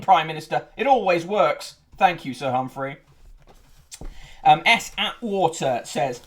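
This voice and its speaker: A man's voice: a little high, animated, a little slow. A man hosting a podcast, reviewing newspapers casually with sardonic, sweary asides.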